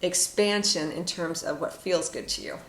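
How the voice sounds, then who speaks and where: A woman giving a casual, reflective spoken tarot reading with frequent fillers and soft asides. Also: lowish voice, normal speed. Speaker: tarot card reader. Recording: echoey room with faint noise.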